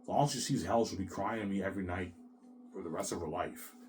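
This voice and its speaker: A man with a low, deep voice talks on and on in an emotional, rambling monologue. He sounds agitated and circles back to the same points, swears a lot and keeps calling the listener "man.". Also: quick pace, darkish tone, slight background noise.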